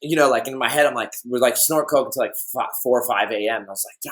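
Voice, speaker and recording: A man's voice: medium pitch, brisk, few pauses, fairly bright tone. A young adult man, a guest on a chat podcast, rambling through his stories and laughing at them as he goes. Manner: rambling storyteller who laughs at his own tales. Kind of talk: casual chat.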